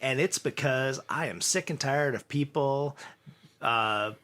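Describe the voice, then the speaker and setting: A man's voice: mid-range voice, takes it slowly, fairly bright tone. A man co-hosting a podcast, mostly chiming in with short agreements and reading reviews aloud. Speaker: podcast co-host. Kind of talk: casual chat.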